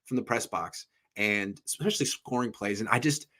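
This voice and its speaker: A man hosting a casual sports podcast, talking in an animated, jokey way that often trails off and restarts. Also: fairly low pitch, normal speed.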